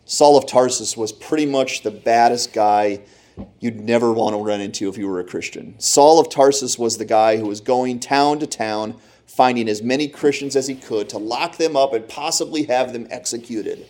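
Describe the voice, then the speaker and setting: A man's voice: medium pitch, normal speed, darkish tone. A man preaching a sermon, retelling Bible stories with dramatic, acted-out voices. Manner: dramatic storytelling, acts out Bible characters.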